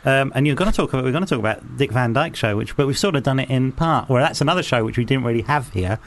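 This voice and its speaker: A man with a London accent, co-hosting a casual chat and telling stories in an animated way. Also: medium pitch, quick pace. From England. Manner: chatty, animated storytelling. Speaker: podcast co-host.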